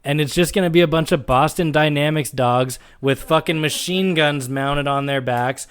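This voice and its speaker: A man co-hosting a podcast, chatting casually and ranting in a profane, animated way. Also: on the high side, normal speed, clear, resonant tone. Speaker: podcast co-host. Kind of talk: casual chat.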